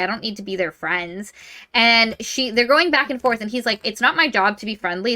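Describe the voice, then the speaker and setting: Podcast co-host, woman, bright tone, animated storyteller who voices characters' lines. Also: mid-range voice. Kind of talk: casual book review chat.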